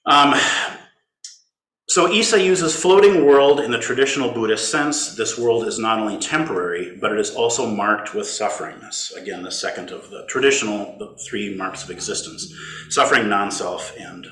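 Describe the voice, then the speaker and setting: A man giving a gentle, playful Zen dharma talk, laughing often as he teaches. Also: fairly low pitch, expressive, moderate pace. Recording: roomy hall.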